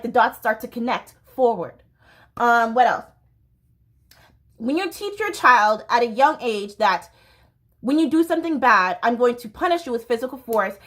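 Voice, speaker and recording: Woman podcast host with a high voice, speaking solo in a heated, rambling casual monologue. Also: fairly bright tone. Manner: impassioned, rambling, self-interrupting. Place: home near a train line.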